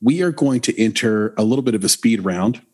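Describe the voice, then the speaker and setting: Low, husky-voiced male interviewer. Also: animated, darkish tone. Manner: easygoing, halting with fillers. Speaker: interview host. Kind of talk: conversational interview.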